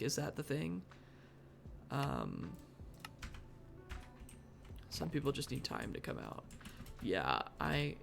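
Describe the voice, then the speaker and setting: Game streamer, gravelly voice, unhurried, thinking aloud, mock-dramatic outbursts, faint music behind. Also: medium pitch. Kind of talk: live gameplay commentary. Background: faint background music.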